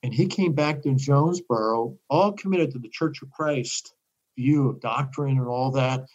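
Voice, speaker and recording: Older man, animated storyteller. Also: medium pitch, normal speed, muffled recording. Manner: animated storyteller, acts out quoted voices. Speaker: guest. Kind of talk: casual interview talk.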